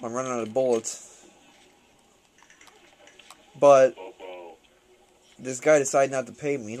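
A man's voice: medium pitch, steady tone, takes it slowly, pauses often, a little mellow, slight background noise. A young man ranting casually and profanely while playing a shooter game, rambling and laughing often.

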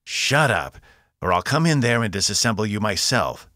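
A man's voice: lowish voice, sing-song, moderate pace, pushed and bright, dry recording, studio quality, voice pushed up. A man playing a menacing alien guard. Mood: threatening. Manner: threatening, boastful.

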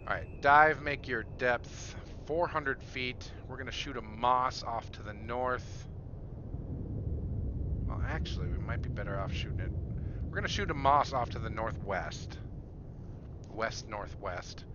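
Streaming a game, a man comments eagerly, asks viewers for input, and calls out naval orders. His mid-range voice is unhurried, the recording muffled and noisy, with loud game sounds behind him.

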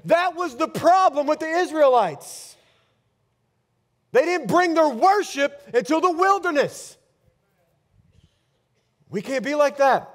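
Pastor, male, high-pitched, preaching in a church, fervent then hushed. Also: animated. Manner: emphatic preaching, rapid-fire declarations with rising intensity. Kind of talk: sermon.

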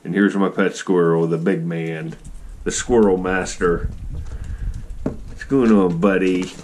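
A man's voice: low-pitched, fairly even intonation, takes it slowly, a little mellow, a little hiss or hum. A man with an Ohio accent, chatting casually to his pet squirrel and viewers while digging for antique bottles at an old dump. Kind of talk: casual vlog narration. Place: outdoors at an old dump site.

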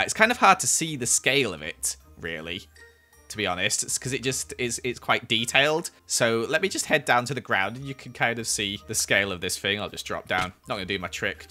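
A young man giving casual, excitable commentary over his gameplay in a voice-over. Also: lowish voice. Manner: chatty and excitable, exclaims a lot. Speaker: gaming YouTuber.

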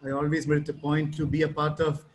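Pastor guy from kerala giving a youth bible study over a video call, slightly high voice, chatty storyteller, faint hiss behind. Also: monotone, fast, low-quality recording. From Kerala, India. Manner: chatty, storytelling, acts out both sides of a phone conversation.

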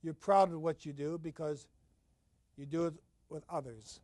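An older man giving a university literature lecture. He swings between loud, stressed points and low, quiet asides, and he reads passages aloud in a slow, marked rhythm. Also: steady tone, no echo. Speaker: literature professor.

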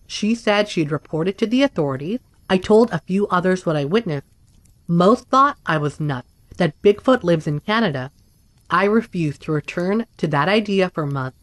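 A woman reading first-person accounts aloud in a steady, even scripted narration. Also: on the low side, no room sound. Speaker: story narrator.

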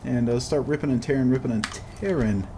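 A man's voice: medium pitch, fairly quick. Brief: young male gaming host, crude jokey play-by-play, easily annoyed, noisy background. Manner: profane, joking, easily frustrated. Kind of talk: casual gameplay commentary. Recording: audible background noise.

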